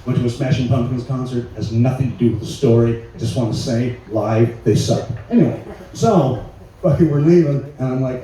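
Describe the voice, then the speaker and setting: A man's voice: mid-range voice, brisk, mellow. A man doing stand-up, telling loose, profane stories and laughing through his bits in front of a small live audience. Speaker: stand-up comedian. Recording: echoey room, mic heard from a distance, faint noise.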